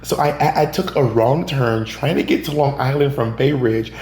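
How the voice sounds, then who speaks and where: With a mid-range, darkish voice at normal speed, a Georgia-born drag performer and comedian shares stories as a podcast guest. He performs other people's lines animatedly in this casual interview, and the recording carries a roomy echo plus a faint hum.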